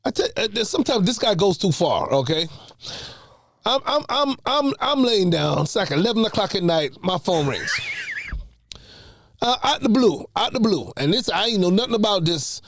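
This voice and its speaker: High, lively Jamaican-accented man. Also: normal speed, creaky. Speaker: podcast guest. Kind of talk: casual storytelling.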